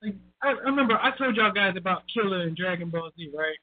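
A man in a casual group chat, speaking quickly with firm opinions. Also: sits high, animated, no room sound. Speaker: regular panelist. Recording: tinny phone-like line, dry.

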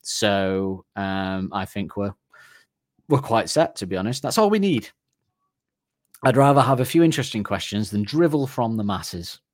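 A man's voice: on the low side, expressive, moderate pace, no room sound, studio quality. A man co-hosting a podcast in casual chat, rambling and correcting himself, laughing at his own jokes. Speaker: podcast co-host.

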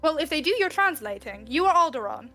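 A woman playing a tabletop game with friends, loud and sweary, laughing often. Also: sits high, very animated, fast, faint music behind. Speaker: player.

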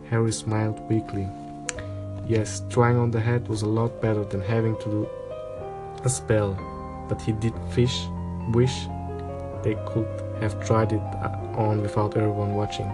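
A man calmly narrating a storybook aloud, with an even reading pace and small slips. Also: lowish voice, unhurried, over music. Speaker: audiobook reader.

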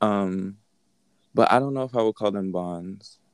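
A man's voice: on the low side, measured pace, a little mellow, smooth, no echo. A young man co-hosting a podcast, speaking hesitantly in a casual chat. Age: young adult. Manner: hesitant, with many ums and restarts. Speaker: podcast co-host.

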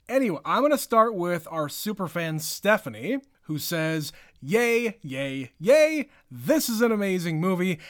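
Guy in his 30s, high voice, dry close sound, goofy podcast email reading. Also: fairly bright tone, no echo. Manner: joking, drawn-out and playful. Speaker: podcast co-host. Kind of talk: casual chat, reading listener emails.

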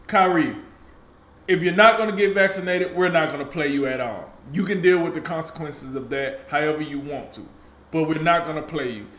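A man co-hosting a sports talk show, animated, emphatic and colloquial in casual chat. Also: a little high, roomy sound.

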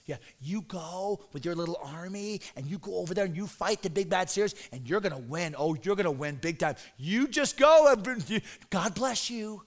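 A male preacher acting out a prophet speaking in low, quiet, mocking sarcasm. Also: expressive, normal speed, hardly any pauses. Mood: sarcastic.

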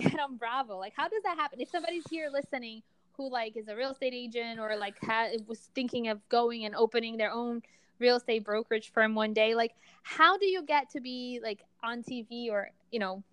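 Woman, podcast host, upbeat chat, higher voice, smooth tone. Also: a little fast, fairly bright tone, no room sound, rough recording. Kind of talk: casual interview.

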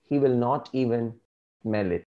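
A man speaking as an interview guest, earnest and measured, giving reflective advice. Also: mid-range voice, lo-fi sound.

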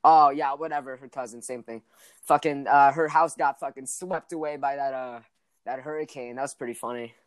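A man's voice: medium pitch, fairly even intonation, brisk, clear, resonant tone. Crude, rambling teenage boy. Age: teens. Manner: crude joking, rambling with many restarts. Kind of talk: casual chat.

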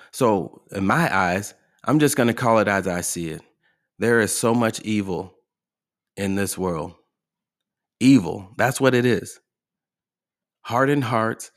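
A man's voice: fairly low pitch, slow pace, pauses often. A man hosting a motivational podcast, talking emphatically and asking his listeners rhetorical questions. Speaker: podcast host.

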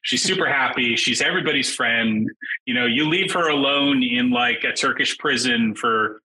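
A middle-aged game designer chats casually as a podcast guest, animated and acting out quotes in raised voices that jump suddenly. He speaks at a medium pitch and moderate pace, on a rough recording.

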